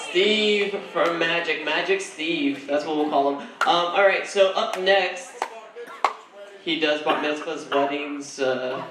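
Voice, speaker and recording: A man emceeing a staff talent show, making slow, joking introductions of the next acts. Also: a little high. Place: theatre stage before an audience. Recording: echoey theatre from far off, crowd noise.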